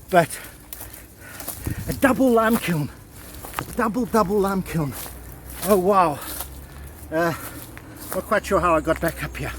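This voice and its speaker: A man hosting a vlog outdoors at old stone ruins, excitedly exclaiming and repeating himself into a handheld camera mic. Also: high voice, slight background noise. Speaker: vlog host exploring ruins. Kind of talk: excited on-the-spot vlogging.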